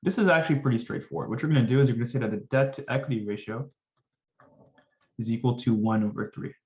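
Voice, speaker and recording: A man's voice: mid-range voice, fast talker, a little mellow, roomy sound, dull audio. A man tutoring finance in a casual, upbeat way, chatting to viewers with jokey asides. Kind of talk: casual screen-recorded lesson.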